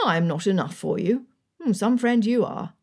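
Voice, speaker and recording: A woman's voice: medium pitch, expressive, moderate pace, slightly rough. A woman voicing a jovial, joking Regency colonel. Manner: warm, joking and firm. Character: jovial Regency army colonel, loyal cousin. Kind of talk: audiobook character reading.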